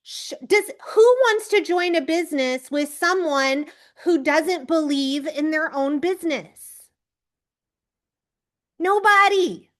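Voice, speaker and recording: A woman leading a team training on a video call, giving an energetic pep talk and calling on people by name. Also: sits high. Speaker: team leader coaching recruits.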